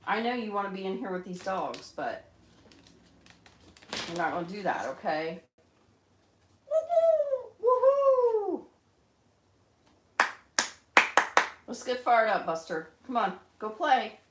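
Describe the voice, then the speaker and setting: A woman's voice: lively intonation, normal speed. Woman cooing at her pet birds. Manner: coos and coaxes her birds in high baby talk. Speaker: pet bird owner livestreaming. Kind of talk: casual live stream chat. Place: room at home with pet birds. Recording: echoey room, noisy background.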